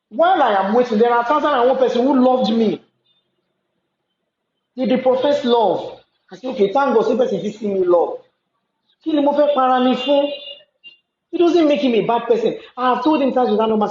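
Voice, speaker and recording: A woman's voice: fairly high pitch, animated, brisk, a little mellow, slight background noise. A woman with a Nigerian accent, talking at length in an emphatic storytelling way and repeating herself for stress. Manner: talkative, emphatic storytelling with repetitions. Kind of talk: casual monologue. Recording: echoey, slightly dull room recording.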